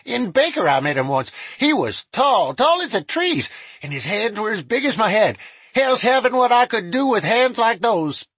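A cackling old outlaw with a high, cracked voice. He brags with a wild, swinging lilt. The sound is husky and dry. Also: big pitch swings, moderate pace, fairly bright tone, dry recording, heavily acted. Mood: boastful. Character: older male outlaw, boastful, cackling.

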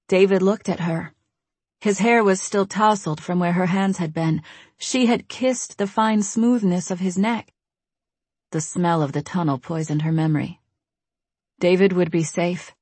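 A woman narrating an audiobook with tense, steady storytelling. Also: fairly low pitch, measured pace, breathy edge, no room sound. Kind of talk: scripted narration.

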